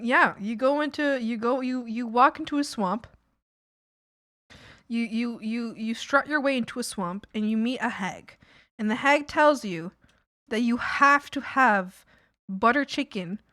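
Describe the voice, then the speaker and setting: Bright, high-voiced playful woman streamer. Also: lively intonation, a little slow, dry recording, clean studio sound. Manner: playful, rambling, goofy. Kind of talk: casual livestream chat.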